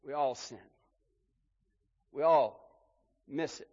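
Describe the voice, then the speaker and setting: A man preaching a sermon as pastor, rising and falling sharply in loudness for emphasis. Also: mid-range voice, takes it slowly, long reverb tail, lo-fi sound. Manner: preaching with emphatic rises and drops in volume. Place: church hall.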